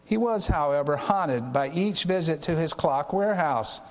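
A man preaching as a pastor, telling a story and leading prayer in an earnest, unhurried way. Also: a little high, animated, big-room sound.

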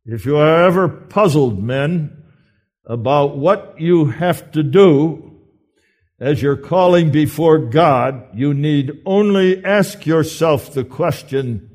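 A man preaching a sermon in an earnest, emphatic way with deliberate pauses. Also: on the high side, a little mellow.

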